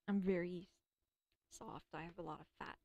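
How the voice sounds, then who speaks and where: Her voice sits on the low side, warm and steady, at a measured pace, though the recording is muffled. She's rambling solo on a casual stream, swearing often, fumbling words, slipping into whispers at times, and running herself down.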